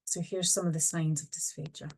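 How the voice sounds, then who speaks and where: A woman's voice: low-pitched, steady tone, brisk, mellow. A middle-aged woman, a speech and language therapist, presenting an online webinar lecture and walking through slides with practical clinical examples.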